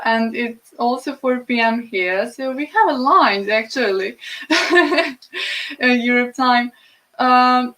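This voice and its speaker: A woman's voice: a little high, a bit bright. A woman panelist on a video call, speaking in a friendly way. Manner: friendly, light laughter.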